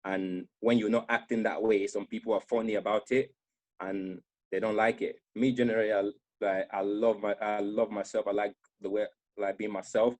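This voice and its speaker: A young man tells his personal story as a panel guest, in an earnest, halting way with many restarts. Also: fairly low pitch, flat delivery. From Nigeria.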